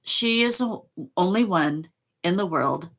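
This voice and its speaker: Slow, gravelly-voiced woman host. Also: lowish voice, lively intonation. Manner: slow, soft and emotional, reads aloud with pauses. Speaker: channel host reading oracle cards. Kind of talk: casual spiritual vlog.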